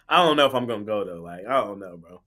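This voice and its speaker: A man's voice: fairly low pitch, lively intonation, a little fast, sharp tone, slight background noise. Laid-back slangy man co-hosting. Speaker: sports betting show co-host. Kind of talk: casual live-stream chat.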